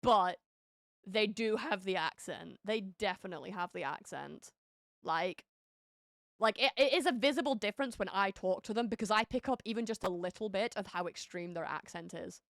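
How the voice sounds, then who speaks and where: A woman's voice: medium pitch, moderate pace, fairly bright tone, no room sound, studio quality. Chatty Northern English woman streamer. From Northern England. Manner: chatty, laughs often, stammering restarts. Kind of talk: casual chat with viewers.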